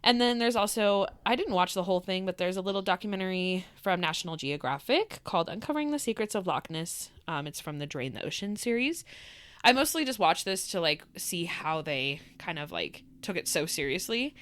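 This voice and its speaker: A woman's voice: on the low side, a little fast. A bubbly woman co-hosting a podcast in casual chat, her voice swinging up and down with lots of life and frequent laughs. It sounds close and dry, with no room echo. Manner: bubbly, laughs often, animated storytelling. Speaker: podcast co-host.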